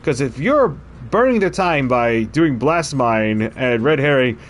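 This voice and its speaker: A man's voice: medium pitch, animated, measured pace, slight background noise. A man streaming a game, chatting casually and thinking aloud about his choices between frequent laughs. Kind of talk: casual gameplay commentary.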